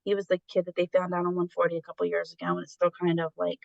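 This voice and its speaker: A woman's voice: on the low side, monotone, very fast, creaky, muffled recording. A middle-aged woman telling stories candidly in a casual conversation, acting out the voices of the people she quotes. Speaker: guest.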